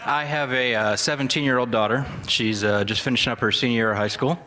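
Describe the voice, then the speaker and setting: A man doing a stand-up set at a comedy club, telling a story in a quick, chatty way. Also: mid-range voice, pushed and bright. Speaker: stand-up comic.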